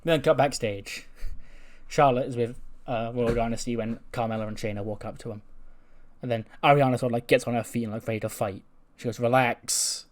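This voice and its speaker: A man's voice: mid-range voice, steady tone, brisk, darkish tone. A man casually retelling a wrestling show, chatty and laughing as he goes. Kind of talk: casual recap chat.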